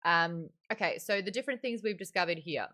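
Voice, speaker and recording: A woman hosting a casual book club discussion, chatty and animated, laughing often. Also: lowish voice, brisk.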